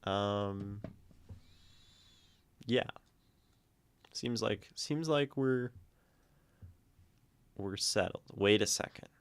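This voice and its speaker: A man hosting a livestream, chatting casually and thoughtfully with many halting restarts. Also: on the low side, clean tone. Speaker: livestream host reading community poetry.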